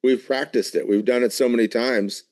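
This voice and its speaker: A man with a mid-range voice co-hosts a relaxed Bible discussion. He talks emphatically and keeps throwing out rhetorical questions, so he sounds lively and engaged. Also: mid-range voice, moderate pace, dry recording. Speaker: co-host of a live Bible study. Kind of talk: casual Bible study discussion.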